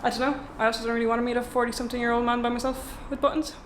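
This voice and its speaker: A woman's voice: on the high side, level tone, very fast, a little hiss or hum. A young woman, a travel vlogger chatting casually to camera in a rented apartment, rambling and wry.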